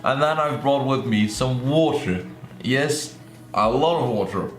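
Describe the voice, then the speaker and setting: A man's voice: mid-range voice, unhurried. Joking young man in an echoey room. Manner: joking, sarcastic, excitable outbursts. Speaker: YouTuber reacting to videos. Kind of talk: casual reaction commentary. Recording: echoey room with faint music.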